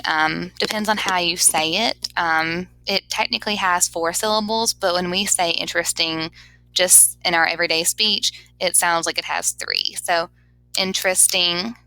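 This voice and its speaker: A woman's voice: lowish voice, gravelly, sharp tone, dry recording, poor audio. A woman teacher giving a grammar lesson over slides, patiently sounding words out syllable by syllable.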